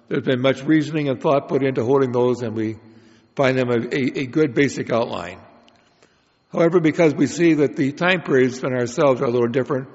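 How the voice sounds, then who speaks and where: A man giving a prepared Bible lecture in a measured, explanatory way, with occasional restarts. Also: medium pitch. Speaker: Bible study speaker. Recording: dull lo-fi recording in a reverberant hall.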